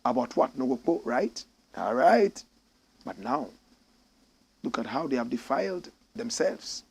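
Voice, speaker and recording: A Ghanaian man hosting a live-streamed talk show, reading out viewer messages in a slightly croaky voice and breaking into loud exclamations. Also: medium pitch, unhurried. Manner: animated, bursts into loud exclamations. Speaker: show host. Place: studio in Accra.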